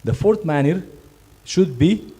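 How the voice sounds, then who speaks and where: A man trains hospitality job candidates in non-native English, speaking emphatically and often repeating and restarting his words. His voice is on the high side, expressive and slow, mellow yet slightly rough.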